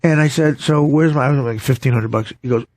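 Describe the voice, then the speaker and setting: A man's voice: medium pitch, fast talker, darkish tone, no echo. A man, a comedian guest in a radio studio, telling stories in casual chat and laughing along at his own punchlines.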